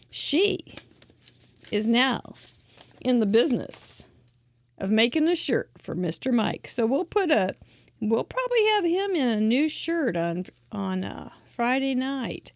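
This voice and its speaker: A woman's voice: fairly high pitch, very animated, takes it slowly. A woman hosting a craft show, chatting in an effusive, gushing way and laughing often as she shows cards from viewers. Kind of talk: casual live-show chat.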